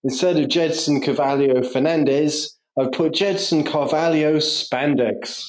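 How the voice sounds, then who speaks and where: A man's voice: fairly high pitch, a little slow, echoey room, low-quality recording. A man co-hosting a football podcast, chatting casually with lots of laughs and swearing. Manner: laughs often, swears, jokey. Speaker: podcast co-host. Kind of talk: casual banter. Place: at home, in a kitchen.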